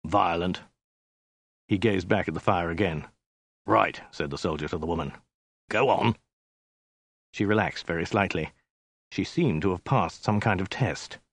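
Low-voiced deadpan male narrator. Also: a little fast, husky, no echo. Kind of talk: scripted narration.

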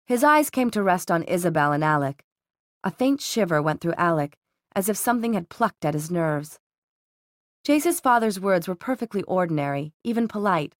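A woman reads a novel aloud in a steady, even storytelling voice. Her pitch sits on the lower side, and the recording is close and dry with no room sound. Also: dry recording. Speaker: audiobook narrator. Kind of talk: scripted narration.

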